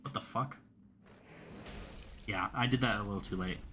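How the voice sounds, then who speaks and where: A man's voice: on the low side, moderate pace, bright, forceful tone, slight background noise. A young man giving casual gameplay commentary, rambling, swearing freely and talking back to the enemies he fights. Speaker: gameplay streamer.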